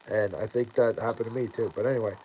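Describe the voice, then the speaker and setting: Husky, mellow-voiced man streaming late at night. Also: on the low side, fairly even intonation, fast, poor audio. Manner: rambling, filler-heavy, many "like"s and restarts. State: tired, near bedtime. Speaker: livestreamer reading chat. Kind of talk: casual late-night livestream chat.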